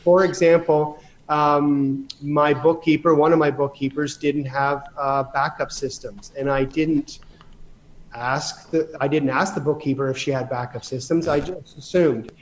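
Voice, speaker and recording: Canadian man, guest on a chat show, slightly high voice, rambles and restarts, emphatic asides. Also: steady tone, measured pace, slight background noise. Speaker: podcast guest, real estate investor. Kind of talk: casual storytelling in conversation.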